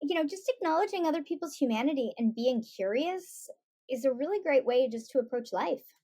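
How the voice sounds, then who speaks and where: A middle-aged woman, a guest on a podcast, telling stories in a lively way and acting out the voices she quotes. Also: sits high, brisk. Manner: animated storytelling, acts out quoted voices. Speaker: guest, author and parent. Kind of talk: conversational podcast interview.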